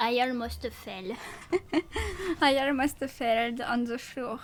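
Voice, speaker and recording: High-voiced sleepy woman streamer, slow-spoken. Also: lively intonation. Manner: silly, playful, rambling with nonsense rhymes; counting dumbbell lifts aloud. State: sleepy, yawning. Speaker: vtuber streamer. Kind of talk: casual late-night livestream chat.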